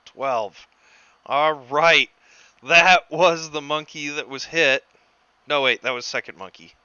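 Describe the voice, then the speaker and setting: An excitable man running a tabletop game over voice chat. His voice is very bright and crisp, and he talks slowly. The mic is dry and slightly dull. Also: a little high, no echo. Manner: excitable, laughs at big hits. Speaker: game master.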